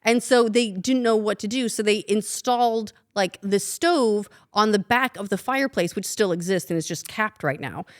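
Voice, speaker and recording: A woman with an American accent co-hosting a podcast, chatting quickly and playfully. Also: mid-range voice. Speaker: podcast co-host. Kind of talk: casual chat.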